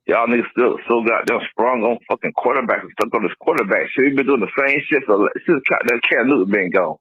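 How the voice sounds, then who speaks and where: A man's voice: mid-range voice, brisk, slightly rough, no room sound. A man calling into a podcast, ranting heatedly and swearing constantly. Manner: profane heated rant. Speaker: caller. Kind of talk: call-in rant. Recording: tinny phone line.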